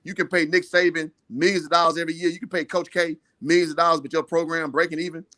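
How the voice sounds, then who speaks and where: A man's voice: on the high side, flat delivery, quick pace, pushed and bright, dry recording. A man in casual debate, rambling and profane, with many fillers.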